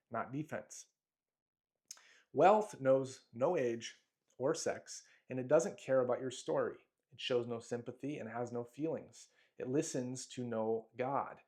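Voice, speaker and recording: A man's voice: medium pitch, darkish tone. Emphatic man reading a money booklet. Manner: emphatic, declamatory with punchy short phrases; asides with a short laugh. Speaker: self-help speaker.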